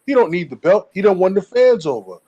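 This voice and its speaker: A man's voice: high voice, very animated, brisk, dark tone, slightly rough, muffled recording. A man calling in to a casual boxing debate, talking with many fillers and restarts. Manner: hesitant, fillers, repeats himself. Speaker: caller giving boxing take. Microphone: remote call.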